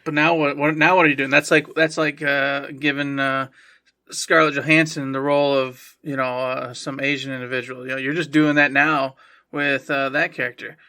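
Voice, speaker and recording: Bright-voiced, wry male co-host. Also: mid-range voice, flat delivery, normal speed. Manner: wry, teasing banter. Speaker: podcast co-host. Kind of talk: casual podcast chat.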